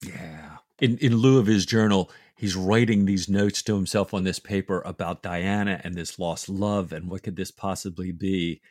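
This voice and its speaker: A man with a fairly low voice co-hosts a book podcast, musing on scenes that move him. He talks reflectively, restarting his sentences, and the sound is close and dry. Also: fairly even intonation, a little mellow, no echo. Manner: reflective, emotional, with halting restarts. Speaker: podcast co-host.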